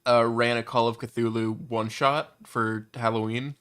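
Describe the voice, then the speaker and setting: A young man with a bright, forward voice chats casually about tabletop games. He jokes, pokes fun at himself and keeps things laid-back. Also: mid-range voice, level tone, a little slow, clear, resonant tone. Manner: laid-back, joking, self-deprecating. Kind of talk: casual chat.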